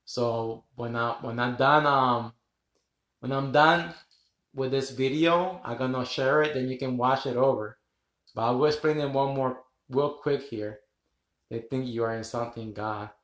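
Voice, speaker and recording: Man, mid-pitched, loose rambling delivery, frequent laughter, roomy echo. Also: measured pace, fairly bright tone. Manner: rambling, laughs often, swears casually. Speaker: livestream host. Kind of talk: rambling live-stream chat with viewers.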